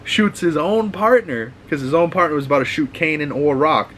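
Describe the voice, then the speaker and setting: A man's voice: a little high, normal speed, a bit bright, slight background noise, poor audio. A man with a Boston accent hosting a casual, rambling, profane recap of TV shows, full of restarts. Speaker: host.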